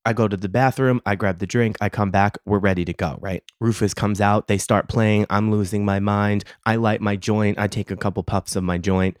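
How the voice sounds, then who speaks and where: Man, podcast host, casual confessional storytelling, profane, self-mocking, fairly low voice, dry close sound. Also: normal speed, few pauses, no room sound. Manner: profane, animated, self-mocking, laughs often.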